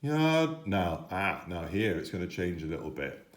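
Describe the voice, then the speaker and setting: A man's voice: deep voice, moderate pace. A man teaching children a piano piece, patient and encouraging, sometimes singing the note patterns. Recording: roomy echo, piano playing.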